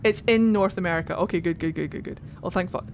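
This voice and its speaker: A woman's voice: lowish voice, fast, a little hiss or hum. A young Scottish woman streaming a game, chatting casually and animatedly, laughing often and swearing now and then. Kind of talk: casual gameplay commentary.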